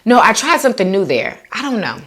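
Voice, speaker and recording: A woman's voice: fast, slightly rough. A woman hosting a mukbang video, chatting casually to viewers while eating and reading their comments aloud. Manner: laid-back with lively swoops of pitch. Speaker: mukbang vlogger.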